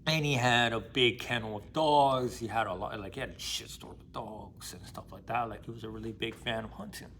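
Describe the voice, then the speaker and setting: A man's voice: on the low side, fairly quick, a bit bright, slight background noise. Young man retelling a novel, slangy and blunt. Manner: slangy, profane, emphatic storytelling. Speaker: book discussion vlogger. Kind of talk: casual retelling and commentary.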